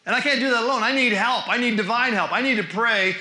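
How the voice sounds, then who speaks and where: A man who teaches the New Testament as a professor, giving an animated church lecture full of rhetorical questions. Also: extremely high pitch, quick pace. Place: church hall. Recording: roomy church hall.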